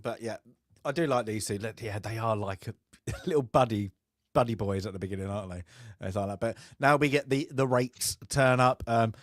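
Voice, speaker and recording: A man's voice: on the low side, moderate pace, no room sound, studio quality. A man co-hosting a film review podcast, chatting casually, telling stories with frequent laughs and acting out the voices of people he quotes. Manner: chatty storyteller who laughs often and acts out quoted voices. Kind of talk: casual chat, telling an anecdote.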